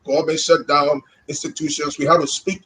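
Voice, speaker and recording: Impassioned Liberian man, high voice. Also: flat delivery, fairly quick, bright, forceful tone, poor audio. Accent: Liberian English. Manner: impassioned, repeats words when stirred. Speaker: co-host. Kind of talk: live podcast discussion.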